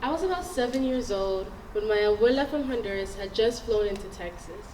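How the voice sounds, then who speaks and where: A woman's voice: medium pitch, animated, fairly quick, darkish tone, slight background noise. Earnest woman telling a story on stage. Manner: earnest and reflective. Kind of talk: live personal storytelling. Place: stage in a large hall. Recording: echoey hall, picked up from a distance.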